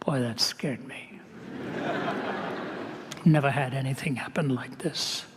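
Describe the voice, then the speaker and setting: A man's voice: mid-range voice, takes it slowly, noisy background. A man telling a personal story in a sermon, earnest and conversational, with wry asides. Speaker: Christian speaker. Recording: reverberant hall.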